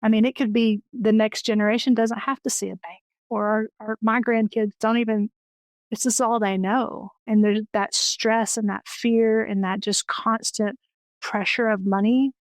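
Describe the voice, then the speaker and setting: A woman's voice: fairly high pitch, steady tone, normal speed, no room sound. A woman in her forties, a guest in an interview, telling personal stories in an earnest, enthusiastic way and often restarting her sentences. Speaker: interview guest, financial educator.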